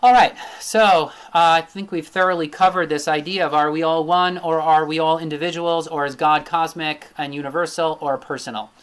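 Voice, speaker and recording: A male teacher gives a recorded lecture from his slides. He thinks aloud with plenty of fillers and often checks in with a quick tag question. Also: on the high side, fairly even intonation, fairly bright tone, clean tone. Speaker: Ayurveda teacher.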